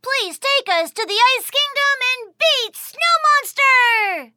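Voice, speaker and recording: A woman's voice: very high voice, animated, takes it slowly, very noisy, exaggerated voice. A woman voicing a brave, cheerful little boy in a children's audio story, eager and full of exclamations. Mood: excited.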